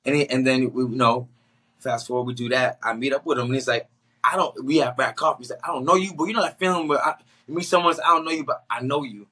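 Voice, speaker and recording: A young man from the Boston area tells a long personal story as a podcast guest. His voice is bright and forward at a middle pitch. He talks casually and loosely, with slang, and keeps slipping into the voices of the people he quotes. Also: fast. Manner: animated storyteller acting out quotes with slang and laughs. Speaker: guest, actor.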